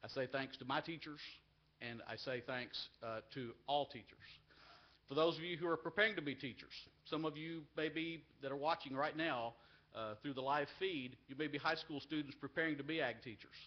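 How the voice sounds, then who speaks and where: A man's voice: a little high, normal speed, dull audio. A man leading an agricultural education group gives an earnest, heartfelt speech at a live university event. He gets emotional and repeats phrases for emphasis. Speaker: agricultural education association leader giving a speech.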